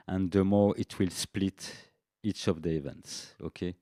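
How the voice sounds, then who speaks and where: A man explaining music software features in a live-streamed tutorial, unhurried and checking in with "okay" as he goes. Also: low-pitched, steady tone. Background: faint drum machine beats.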